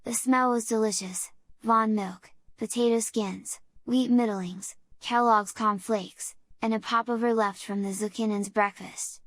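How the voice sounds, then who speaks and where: A woman reads a children's audiobook in a measured, unhurried storytelling voice. Her pitch sits a little high, and the recording is dry and close, with no echo. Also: fairly even intonation, a bit bright. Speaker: audiobook narrator.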